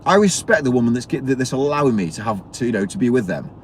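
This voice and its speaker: Man ranting, pitch swooping all over. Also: very animated, fast talker, a little hiss or hum. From Britain. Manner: blunt, preachy, swears, repeats himself. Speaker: live streamer. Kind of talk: ranting live stream monologue.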